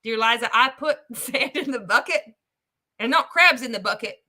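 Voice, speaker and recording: A woman's voice: on the high side, measured pace, bright, forceful tone. Woman mocking a crusty old prospector man. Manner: mocking drawl, calls people son and partner.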